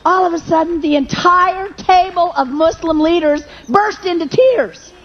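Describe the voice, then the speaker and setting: A woman's voice: extremely high pitch, unhurried, lo-fi sound, a little hiss or hum. A woman preacher telling a personal testimony in a sermon, with emotional storytelling that rises into fervent prayer.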